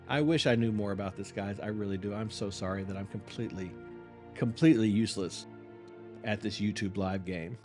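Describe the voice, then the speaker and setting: Man, live-stream reaction host, casual rambling chat, apologetic, lowish voice. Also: a little fast, darkish tone, soft background music. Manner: chatty, rambling, apologetic, self-mocking.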